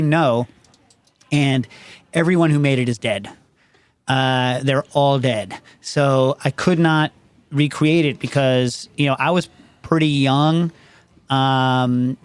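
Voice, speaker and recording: A man hosting a loose call-in show, talking in long digressive runs and checking in with "you know what I mean" every few sentences. His voice sits at an ordinary middle pitch. The recording is close and dry, with no room sound. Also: smooth, no echo. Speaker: show host. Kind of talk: casual call-in show chat.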